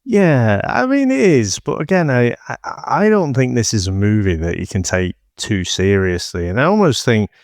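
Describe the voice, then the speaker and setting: A man's voice: fairly low pitch, dry recording. A man co-hosting a podcast, chatting casually about a film with dry, teasing humour. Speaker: podcast co-host. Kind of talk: casual film review chat.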